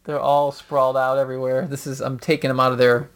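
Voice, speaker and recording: A man telling stories in a casual podcast chat, rambling with many fillers and acting out quotes loudly. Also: medium pitch, little pitch movement, quick pace. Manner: rambling storyteller, profane, acts out quotes loudly. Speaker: podcast guest. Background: dogs nearby.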